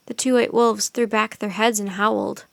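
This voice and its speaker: A woman's voice: mid-range voice, flat delivery, moderate pace, creaky, dry recording. Woman reading a storybook aloud.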